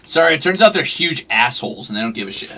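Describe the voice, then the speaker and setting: A man's voice: mid-range voice, sing-song, fast talker, bright, forceful tone, recorded from a distance. A man streaming a game, rambling casually and chatting with his viewers. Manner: rambling, chatty, talks to his cats and chat. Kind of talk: casual livestream chat while playing.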